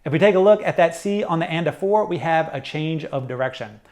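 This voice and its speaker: A middle-aged man teaching a saxophone lesson, explaining jazz articulation step by step in a clear, methodical way. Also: on the high side, lively intonation, fairly quick, over loud music. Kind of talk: instructional music lesson.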